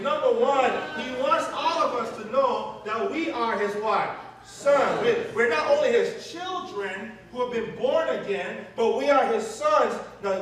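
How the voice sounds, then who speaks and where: A man preaching a call-and-response sermon, animated, stopping so the congregation fills in the words. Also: high-pitched. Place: church sanctuary with congregation. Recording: echoey church from far off, crowd.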